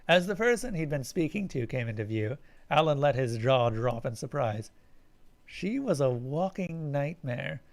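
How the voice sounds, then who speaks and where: A man's voice: medium pitch, animated, unhurried, creaky. A man reading a science-fiction story aloud on a live stream, catching his slips and correcting himself as he goes. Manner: reads with slips and self-corrections.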